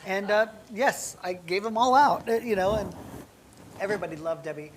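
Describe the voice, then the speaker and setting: A man guest telling chatty, animated stories in a casual conversation, full of fillers and restarts. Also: sits high, normal speed, a little hiss or hum. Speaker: guest, celebrity hairdresser.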